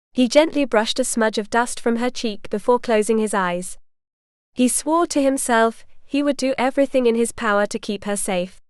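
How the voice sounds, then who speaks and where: A woman narrating a historical romance audiobook in a measured storytelling manner. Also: a little high, clear, resonant tone, dry recording, clean studio sound. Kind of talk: scripted narration.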